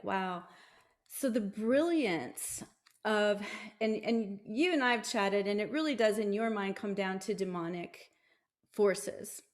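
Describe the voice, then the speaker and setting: A woman hosting a casual interview, reacting in a warm, gushing way and asking questions. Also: mid-range voice. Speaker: host.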